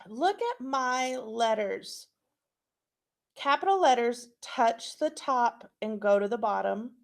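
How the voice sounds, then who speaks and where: A woman teacher talks through a recorded class lesson at an unhurried, deliberate pace. Her voice sits a little high, with a gravelly fry. She keeps checking in with "okay?". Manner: slow, clear instructional delivery with frequent checks.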